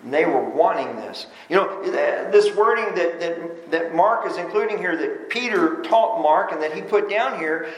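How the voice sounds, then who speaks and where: A man with a high voice preaches in a church, the sound ringing around a roomy space. He talks animatedly, leaping from loud bursts to low asides and often doubling words as he restarts. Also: expressive, moderate pace, hardly any pauses. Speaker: pastor. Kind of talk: sermon. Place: church sanctuary. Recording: roomy echo.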